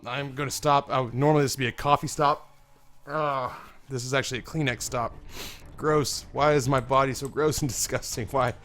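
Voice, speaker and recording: This gaming commentator is a young man who sounds congested and sick, rambling through a casual let's-play while swearing and mocking himself. His voice is mid-range with a fairly bright tone.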